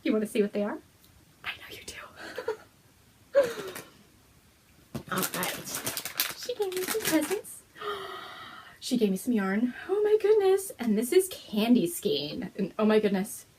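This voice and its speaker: A woman hosting a knitting podcast, showing things on camera in a gushing, excited chat, with frequent gasps and whispered exclamations. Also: a little high, slow pace, long pauses, noisy background. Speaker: host of a knitting and fiber podcast. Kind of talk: excited casual show-and-tell chat.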